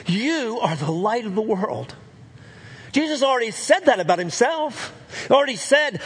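A man's voice: very high-pitched, big pitch swings, moderate pace, fairly bright tone, slightly rough. A man preaching a sermon as pastor, earnest and repeating phrases for emphasis.

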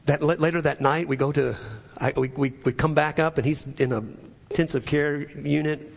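A fairly high-pitched male pastor with a gravelly, husky edge, preaching in an earnest, halting way that keeps circling back on itself. His voice rings out with a long echo, as in a church sanctuary. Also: steady tone. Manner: earnest, halting retelling with many restarts. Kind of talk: sermon storytelling. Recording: echoey hall with long reverb.

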